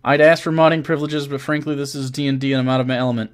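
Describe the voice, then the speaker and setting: A man's voice: mid-range voice, fairly even intonation, very fast. A man streaming live and casually answering his chat, joking, teasing and swearing. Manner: joking and profane, teasing viewers.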